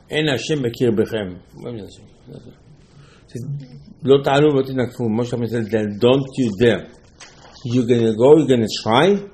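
A man giving a Torah lesson, animated, acting out dialogue with rhetorical questions and mixing Hebrew terms into English. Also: mid-range voice. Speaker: Torah teacher. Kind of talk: Torah lesson on the weekly portion.

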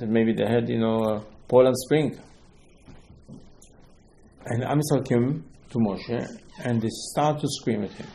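A man teaches Torah as an animated storyteller. He acts out the quotes himself and keeps pressing rhetorical questions, with sudden emphatic bursts. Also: mid-range voice, low-quality recording.

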